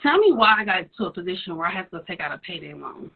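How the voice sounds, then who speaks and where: A woman in her thirties, a guest in a casual chat, telling a confessional story in a lively way. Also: lowish voice, fast talker, creaky, breathy edge, narrow, tinny audio.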